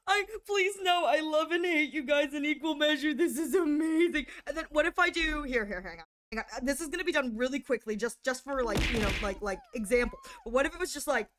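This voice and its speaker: A woman's voice: sits high, moderate pace, fairly bright tone. A woman streaming while she draws, chatting casually to her viewers and breaking into helpless laughter. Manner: giggly, breaks into helpless laughter, talks to chat while drawing. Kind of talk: casual live art stream chat.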